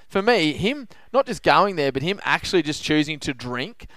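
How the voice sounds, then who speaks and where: A man's voice: fairly high pitch, expressive, a little fast, hardly any pauses, fairly bright tone, clear, resonant tone, dry recording. An Australian man co-hosting a sports podcast, giving opinions in a casual, colloquial way. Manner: opinionated, laughs often, colloquial. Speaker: podcast co-host.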